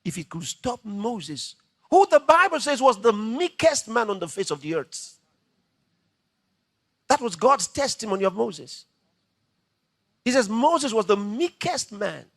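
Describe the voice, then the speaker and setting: A man preaching a dramatic, animated sermon. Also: high voice, measured pace, long pauses, no echo, clean studio sound.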